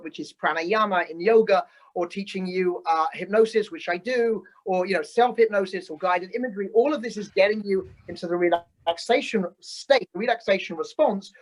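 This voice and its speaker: A man's voice: high-pitched, poor audio. A man, a physician guest on a podcast, explaining his approach earnestly and restarting sentences as he goes. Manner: earnest, explanatory, repeats words as he starts sentences. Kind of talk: conversational podcast interview.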